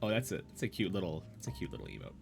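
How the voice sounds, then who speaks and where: A man's voice: low voice, very animated, very fast, creaky, faint music behind. A young man casually hosting a livestream show, rambling and chatting with viewers while reading their messages aloud. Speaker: podcast host.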